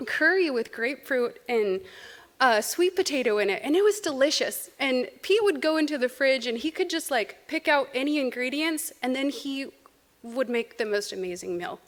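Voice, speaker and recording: A woman's voice: high-pitched, lively intonation, normal speed. A woman in her thirties speaking at a memorial, telling personal anecdotes in a chatty way, laughing between stories. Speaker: eulogy speaker.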